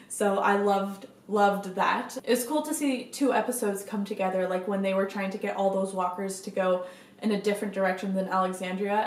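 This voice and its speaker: A young woman vlogger chatting casually to camera, gushing enthusiastically and swearing now and then. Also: mid-range voice. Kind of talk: casual fan chat to camera. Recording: echoey room.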